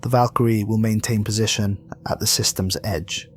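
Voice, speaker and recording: A man's voice: on the low side, fairly even intonation, moderate pace, natural voice. A man voicing a guarded male fleet commander who briefs his squad in a clipped, authoritative way. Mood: stern.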